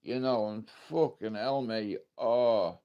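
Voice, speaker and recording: A man's voice: lowish voice, slow, clear, resonant tone, lo-fi sound. A man with an Irish accent talking casually on a live stream, blunt and emotional, swearing often as he tells a story. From Ireland. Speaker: livestreamer.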